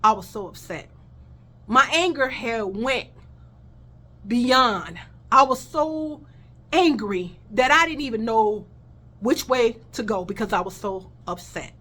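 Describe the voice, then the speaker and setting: A woman's voice: fairly high pitch, lively intonation, slow pace, bright, forceful tone. A woman telling a personal story in a casual vlog, blunt and heated, swearing freely and talking straight to her viewers.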